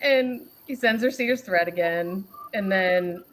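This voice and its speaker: A woman's voice: medium pitch, takes it slowly, slight background noise. Laughing woman host retelling a chat. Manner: laughs often while reading, animated retelling. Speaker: host reading out a message exchange. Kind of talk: casual livestream chat.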